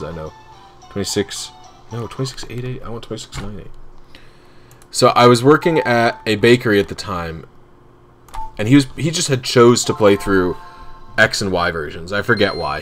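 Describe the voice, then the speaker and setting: Man, casual stream storytelling, rambling, self-correcting, fairly low voice. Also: fairly bright tone.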